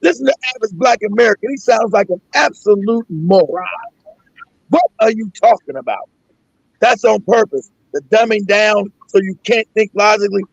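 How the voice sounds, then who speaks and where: A man's voice: sits high, expressive, normal speed, gravelly, breathy edge, dry recording. A middle-aged man hosting a casual talk show, ranting emphatically with plenty of profanity and repetition. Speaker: host. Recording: dull lo-fi sound.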